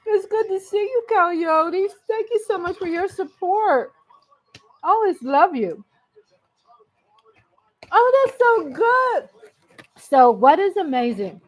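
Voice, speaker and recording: A woman's voice: very high voice, very animated, takes it slowly, pauses often, rough recording. A woman hosting a casual live chat, greeting viewers by name and laughing often. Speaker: livestream host.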